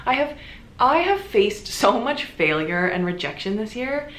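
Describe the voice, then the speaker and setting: A woman's voice: fairly high pitch, very animated, unhurried, a bit bright, slight background noise. A young woman vlogger talking casually and earnestly to camera, full of "like"s. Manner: chatty, earnest, many filler "like"s. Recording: echoey room.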